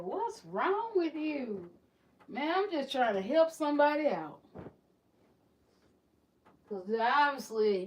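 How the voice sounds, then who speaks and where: A woman with a high voice chats on a casual livestream. She is candid and rambling, often restarting her sentences. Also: rough recording. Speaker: livestream host, beauty business.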